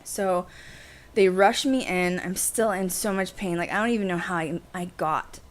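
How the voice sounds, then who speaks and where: Animated woman telling a story. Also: fairly low pitch. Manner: animated, fast, heavy use of "like". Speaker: podcast host. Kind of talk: casual storytelling to a livestream audience.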